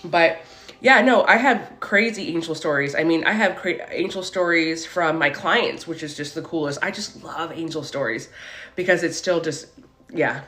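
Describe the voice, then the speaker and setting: A woman in her forties hosting a casual spiritual live stream. She chats excitedly, tells stories and greets viewers as she goes. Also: low voice, moderate pace. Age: 40s. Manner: chatty, greets and thanks viewers as she talks.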